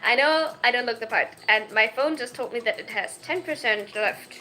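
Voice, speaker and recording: Excitable young woman in her 20s, from Germany, high bright voice, giggly rambling chat, faint music behind. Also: normal speed, hardly any pauses. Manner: excitable, giggly, rambling with self-mocking jokes. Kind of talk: casual chat. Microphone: phone.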